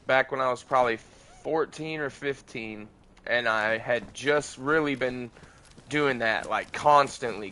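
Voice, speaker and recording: A man's voice: mid-range voice, bright, forceful tone, a little hiss or hum, poor audio. A young man chatting casually while streaming a game, rambling and swearing freely. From United States. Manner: loose, rambling, frequent swearing. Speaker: livestreamer. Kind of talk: casual gaming livestream chat.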